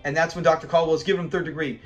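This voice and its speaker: Male fan-channel host, slightly high voice, casual animated recap, chuckles a lot, faint music under. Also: racing. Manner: animated, rambling, chuckles often. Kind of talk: casual chat recapping a sitcom episode.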